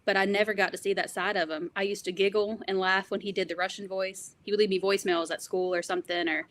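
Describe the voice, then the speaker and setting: A woman speaks quickly and fondly as an interview guest, sharing personal family memories. Her voice sits at a middle pitch. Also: level tone, a bit bright, slight background noise. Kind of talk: conversational interview.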